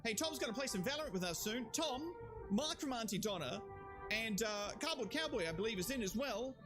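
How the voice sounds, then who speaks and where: A man rambles through a live stream, thanking viewers one after another with jokes and cheerful swearing. His voice is a little sore and strained, yet it leaps up and down with lively, bouncing pitch. Music plays clearly underneath the whole time. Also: brisk. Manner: rambling, jokey, swears freely, shouts out viewers. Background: music playing under the voice.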